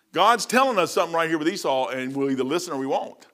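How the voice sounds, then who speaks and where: A man's voice: fairly high pitch, expressive, fast, few pauses, pushed and bright. A middle-aged man preaching informally, telling personal stories in an emphatic, folksy way.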